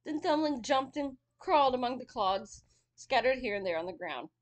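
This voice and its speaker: Female storyteller, casual read-aloud with chatty asides, animated delivery. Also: high-pitched, normal speed. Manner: chatty asides between reading.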